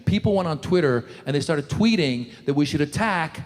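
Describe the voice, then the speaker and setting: A man performing a stand-up comedy routine in a punchy, animated way, in a live show. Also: on the high side, normal speed. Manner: punchy, animated, acts out characters in funny voices. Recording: live show in a large hall with audience.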